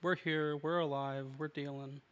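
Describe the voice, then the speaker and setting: A man playing in a tabletop game, talking in a low-key, laid-back way. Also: flat delivery, moderate pace, smooth. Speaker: player. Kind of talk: casual tabletop play.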